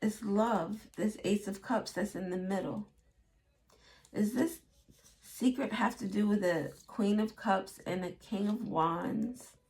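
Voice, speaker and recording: A woman's voice: mid-range voice, takes it slowly, darkish tone. A woman giving a casual tarot reading, chatty and acting out little quotes in playful voices. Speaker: tarot reader.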